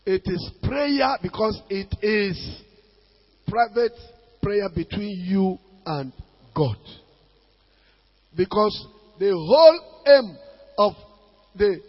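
High, husky Nigerian pastor preaching. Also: male voice, very animated, drawn-out words, long pauses, long reverb tail, highs cut off. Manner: emphatic preaching with sudden loud bursts. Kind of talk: sermon.

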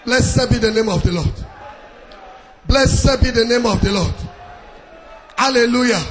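A pastor preaching a fervent sermon in a sing-song style, shouting hallelujahs and repeating phrases for emphasis. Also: male voice, very high voice, a little slow, slight background noise.

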